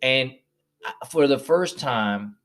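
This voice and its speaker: A man's voice: mid-range voice, expressive, slow, fairly bright tone. A man hosting a podcast, telling a personal story to listeners and acting out the voices of people in it. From northern United States. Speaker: podcast host.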